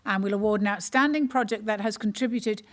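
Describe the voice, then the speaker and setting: A woman's voice: medium pitch, quick pace. A woman comedian hosting an online awards ceremony, telling self-mocking stories with dry humour before reading out nominees. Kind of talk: stand-up anecdote and award hosting.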